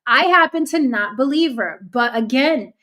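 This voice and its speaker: A woman hosts a casual commentary show with a somewhat high voice. She talks straight to her viewers in a blunt, cynical way. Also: expressive, moderate pace, a bit bright. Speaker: host.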